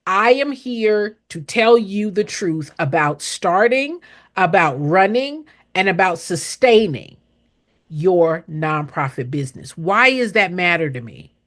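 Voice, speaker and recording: Blunt, animated middle-aged woman teaching. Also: lowish voice, takes it slowly. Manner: blunt, emphatic, preachy, repeats key lines. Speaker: nonprofit consultant. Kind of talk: direct live-stream teaching to viewers.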